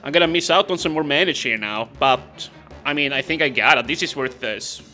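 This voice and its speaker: A man giving casual let's-play commentary, chatty and talking to himself as he plays. His voice is bright and forceful. Faint game music runs in the background. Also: on the high side, a little fast. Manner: casual, exasperated, talks to himself. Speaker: gaming video host.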